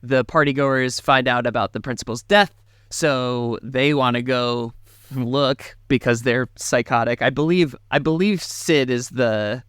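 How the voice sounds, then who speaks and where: A man co-hosting a podcast, recapping a film in a casual, animated way. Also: a little slow, clean tone, dry recording, clean studio sound. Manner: animated, jumps into high mocking impressions. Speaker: podcast co-host.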